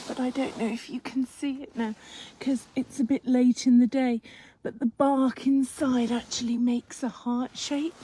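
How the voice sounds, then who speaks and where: Woman, soft and whispery, slightly worn voice, casual live video, outdoors under a tree, faint background noise. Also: fairly high pitch, measured pace, low-quality recording. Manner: soft, often drops to a whisper. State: slightly losing her voice. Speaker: healer and channel host.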